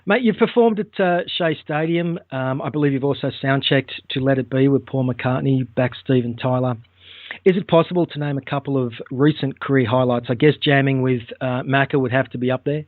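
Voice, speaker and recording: A host asks questions in a relaxed, chatty way, often stepping aside from his own point. The sound is dry and boxed in, squeezed thin like a phone call. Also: mid-range voice, fairly quick, no room sound. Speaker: podcast host. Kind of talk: casual interview chat.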